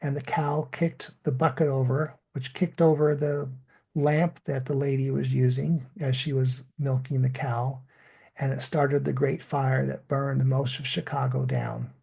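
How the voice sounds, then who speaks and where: A male English teacher speaking at a very slow, deliberate pace, stretching out words so learners can copy them. His voice is gravelly and dark, a little husky, and pitched slightly above the usual for a man. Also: flat delivery. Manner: slow, deliberate, drawn-out model pronunciation. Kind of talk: online language lesson.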